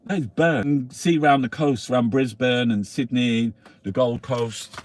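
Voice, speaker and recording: A man hosting a casual newspaper review. He swears constantly, rambles with lots of restarts and fillers, and reads headlines out louder. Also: steady tone, unhurried. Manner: louder and higher when reading headlines. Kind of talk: casual live-stream chat, reading headlines aloud.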